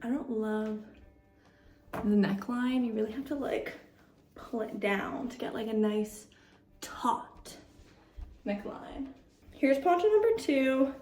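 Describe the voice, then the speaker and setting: A young woman chats about her crochet makes in a casual, upbeat way, filling her sentences with easy fillers. Her voice sits fairly high. The room around her sounds roomy and echoey. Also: expressive, takes it slowly, long pauses, a little mellow. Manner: chatty, filler-heavy, upbeat. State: out of breath. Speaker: crochet vlogger. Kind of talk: casual chat.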